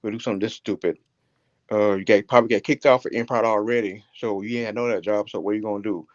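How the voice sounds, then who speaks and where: Blunt older male caller in his sixties, low-voiced, emphatic, heard over a muffled dry phone line. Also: fairly even intonation, quick pace, no room sound. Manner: blunt, emphatic, stumbling restarts. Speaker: caller, retired police officer. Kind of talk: call-in show commentary.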